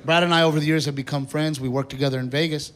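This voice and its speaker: A man performing a stand-up comedy set on stage, telling a story in an animated way and acting out the voices of the people in it. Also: fairly high pitch, racing. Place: comedy theater stage with live audience. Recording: live stage recording with crowd noise. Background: audience laughter and applause.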